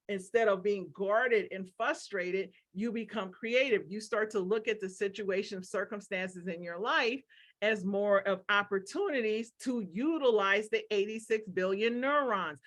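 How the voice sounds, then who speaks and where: Energetic woman giving a motivational webinar. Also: medium pitch. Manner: energetic and emphatic, acting out quoted remarks in exaggerated voices; repeats key phrases, with frequent "right?" asides. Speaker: webinar presenter.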